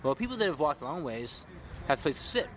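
A man's voice: a little high, big pitch swings, quick pace, a bit bright. A homeless man rambling agitatedly through his story in a street interview, repeating himself. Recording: noisy outdoor street recording.

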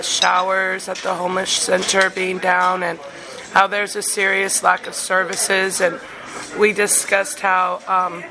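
A woman's voice: medium pitch, rough recording. A woman advocate giving an earnest, casual account of talking with a neighbor. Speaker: homeless advocate. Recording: crowd chatter in the background.

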